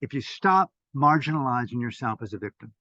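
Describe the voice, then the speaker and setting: An older man giving an impassioned talk as a meditation teacher, swearing freely and swinging between loud bursts and hushed asides. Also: mid-range voice, animated, brisk, dry recording. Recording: dull, dry lo-fi audio.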